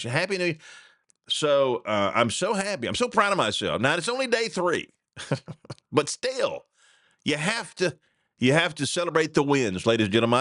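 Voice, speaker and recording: A man's voice: fairly high pitch, no room sound, studio quality. A middle-aged man hosting a radio talk show, ranting in a casual, chuckling way. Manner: animated, ranting, chuckling asides.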